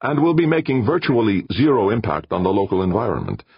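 A man's voice: lowish voice, big pitch swings, brisk, husky, dry recording, lo-fi sound, voice pushed up, heavily acted. A man voicing a proud, hearty male roboticist who speaks eagerly and emphatically.

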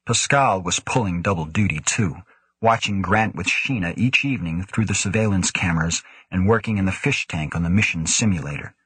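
A man narrating an audiobook in a steady, measured scripted reading. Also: sits low, breathy edge, dry recording.

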